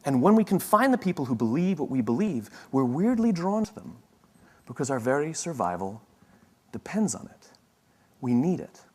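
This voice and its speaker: A man's voice: fairly high pitch, very animated, normal speed, a little mellow. A middle-aged man giving a motivational talk, telling a self-deprecating story with humor and frequent restarts. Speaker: speaker.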